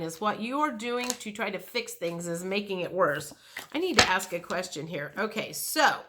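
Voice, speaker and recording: A woman's voice: fairly high pitch, pushed and bright. A middle-aged woman giving a casual, rambling tarot reading, frank and swearing, with many restarts and fillers. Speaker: tarot reader.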